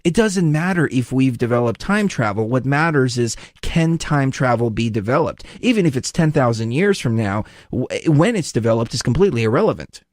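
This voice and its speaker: A man hosts an interview podcast, chatting loosely and animatedly. He tells rambling stories. His voice sits mid-pitch, recorded dry and close. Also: animated, a little fast, few pauses, darkish tone, dry recording. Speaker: host. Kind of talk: casual interview chat.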